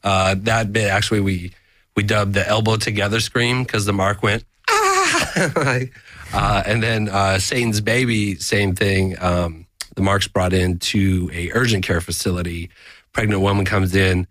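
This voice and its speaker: Deep-voiced relaxed man in casual chat. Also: normal speed, no room sound. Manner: relaxed, laughing, self-deprecating. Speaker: guest, cinematographer.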